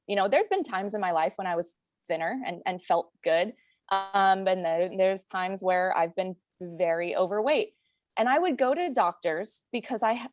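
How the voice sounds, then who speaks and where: Recorded dry with clean studio sound, a mid-range female voice belongs to a guest in her late twenties. She earnestly and frankly relates her own story in conversation, leaning heavily on "like" and "you know."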